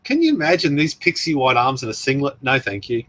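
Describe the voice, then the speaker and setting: A man's voice: medium pitch, big pitch swings, brisk, fairly bright tone, no echo. A man with an Australian accent, hosting a casual livestream, rambling and laughing as he answers viewers. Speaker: livestream host. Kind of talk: casual livestream chat reading comments.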